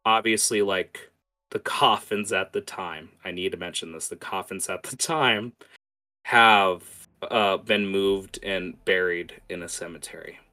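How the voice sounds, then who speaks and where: A man narrating as game master of a tabletop game, quick and hesitant, with many fillers. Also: low voice, pushed and bright.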